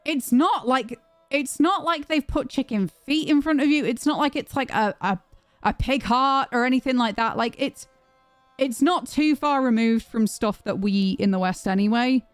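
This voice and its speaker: A young British woman streaming, telling a story to her chat in a chatty, animated way with plenty of restarts. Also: high voice, normal speed, no echo, faint music behind. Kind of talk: casual storytelling to a live chat.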